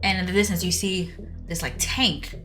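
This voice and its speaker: A woman's voice: on the low side, steady tone, normal speed, pushed and bright, soft background music. A woman co-hosting a podcast, recapping a game in casual, playful chat with frequent laughs. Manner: playful, laughs often, dry quips. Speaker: podcast co-host.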